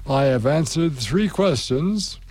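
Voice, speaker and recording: A man reading the part of a stubborn, gruff old father, drawing his words out slowly. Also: a little high, expressive, a little mellow, dry recording, voice pushed up, heavily acted. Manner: slow and drawn out.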